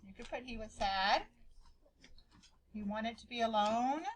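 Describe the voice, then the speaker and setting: A woman's voice: a little high, unhurried, slight background noise, poor audio. A woman teacher leading a classroom reading lesson, asking questions again and again and calling on pupils by name. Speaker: schoolteacher.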